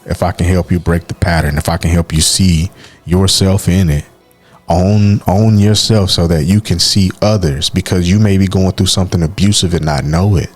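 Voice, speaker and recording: Deep-voiced man talking earnestly. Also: fairly even intonation, moderate pace, soft background music. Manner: earnest, heartfelt, says "man" often. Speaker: podcast co-host. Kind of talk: candid personal talk.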